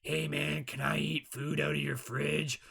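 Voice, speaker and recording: A man voicing a lazy, freeloading male shadow being who crashes a party, in a slow slacker drawl. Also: a little high, level tone, creaky, sharp tone, slightly rough, pitched above the performer's own voice, full character voice. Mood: mooching.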